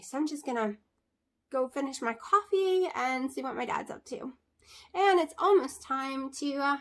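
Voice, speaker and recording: A woman's voice: high-pitched, a bit bright. A woman, chatting casually to camera as a vlogger, rambling with many fillers and asides.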